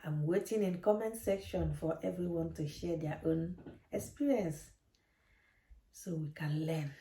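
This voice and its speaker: Mom giving parenting advice to camera, kinda preachy, repeats stuff, echoey room. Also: female voice, sits low, measured pace, mellow. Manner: earnest, preachy, repeats her points. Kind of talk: direct-to-camera advice talk.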